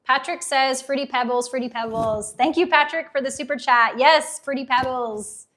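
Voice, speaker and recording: A woman in her thirties, casually chatting on a live unboxing stream, reading viewer comments aloud with nostalgic enthusiasm, her voice getting a little hoarse. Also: high voice, moderate pace, a bit bright. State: losing her voice. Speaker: livestream host.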